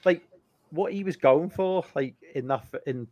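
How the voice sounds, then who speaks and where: A man's voice: a little high, normal speed, dark tone, dry recording. A man with an English accent chatting casually on a video call, rambling with many fillers and restarts. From United Kingdom. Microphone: computer mic on a video call.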